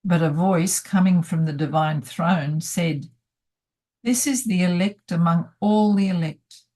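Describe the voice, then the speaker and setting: Mellow, low-voiced woman reading devotions. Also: measured pace. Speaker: reader.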